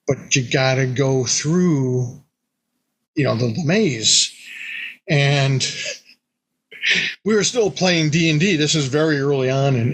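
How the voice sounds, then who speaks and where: A man telling an old tabletop game story in a casual, animated way, jumping into quick bits of the players' and the monster's voices. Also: medium pitch, breathy edge.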